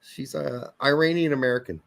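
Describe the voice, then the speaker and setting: A man's voice: mid-range voice, steady tone, fairly quick, vocal fry. A man co-hosting a soccer podcast in casual banter, joking, swearing freely and rambling into asides.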